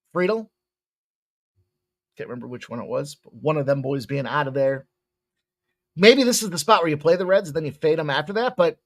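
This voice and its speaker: A man's voice: on the high side, fairly bright tone. A man hosting a sports betting show, rambling and joking through his picks and swearing casually.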